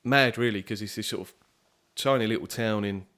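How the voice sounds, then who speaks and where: A man's voice: on the low side, brisk, a bit bright. A young man from southeast England, a musician guest chatting casually in a podcast interview, easygoing and rambling with lots of fillers.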